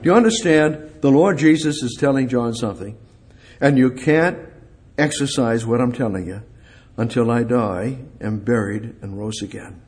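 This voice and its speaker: A man preaching a sermon, explaining Bible verses with emphatic repetition and rising, forceful peaks. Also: mid-range voice, moderate pace, breathy edge.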